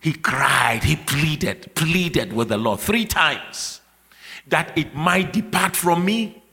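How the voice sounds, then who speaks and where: A man preaching a sermon emphatically, repeating key phrases and building to shouts. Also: fairly high pitch, lively intonation, slow, creaky, breathy edge. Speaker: pastor. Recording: long reverb of a large hall.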